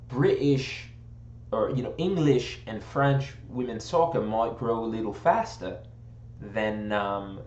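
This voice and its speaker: An American man chats in a casual, rambling way, mocking himself and joking about slipping into a posh British accent. His voice is mid-range, the audio dull, and the room echoey.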